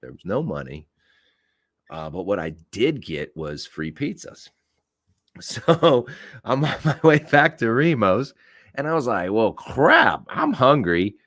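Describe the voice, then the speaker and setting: A man in his forties hosting a podcast, telling a story in a casual, animated way with laughs and swearing. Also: lowish voice, unhurried, long pauses, no room sound, studio quality. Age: 40s. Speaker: podcast host.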